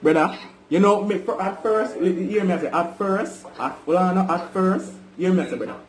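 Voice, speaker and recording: A young Jamaican-accented vlogger with a high-sitting voice talks a little fast as he confronts his brother on a call, pressing and repetitive and constantly calling him brother. The room is echoey with faint background noise.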